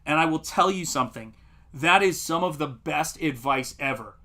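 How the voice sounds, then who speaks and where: A middle-aged man, a comic artist, chatting on a livestream and telling animated stories. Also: on the high side, normal speed. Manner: animated storytelling, acts out quotes. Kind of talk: casual livestream chat.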